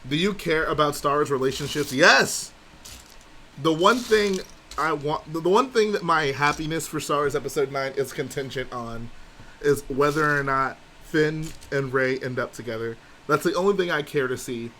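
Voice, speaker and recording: A man's voice: a little high, moderate pace, sharp tone, slight background noise. A man hosting a casual live stream, chatting and reading viewer comments aloud and answering them. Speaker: livestream host.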